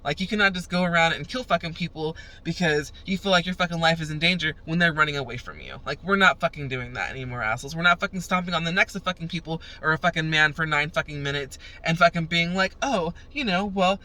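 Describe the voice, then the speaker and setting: A woman's voice: low-pitched, fast talker, few pauses, sharp tone. A young woman vlogging in a profane, fired-up rant as she tells a story. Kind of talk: ranting casual vlog.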